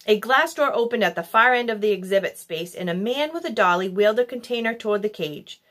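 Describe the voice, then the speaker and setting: A woman narrating a children's novel in an expressive storybook style. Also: medium pitch, brisk. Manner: expressive, animated. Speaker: audiobook reader.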